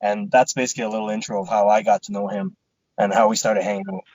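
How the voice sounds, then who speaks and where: A man's voice: on the low side, fast talker, no echo, lo-fi sound. A man co-hosting a podcast, casually telling a story with lots of swearing and quoted back-and-forth. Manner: swears a lot, animated retelling with quoted dialogue. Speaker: podcast co-host.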